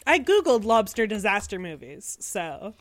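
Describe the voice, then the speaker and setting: A woman's voice: medium pitch, very animated, unhurried. A young woman co-hosting a podcast in casual chat, making dry, wry quips. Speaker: podcast co-host.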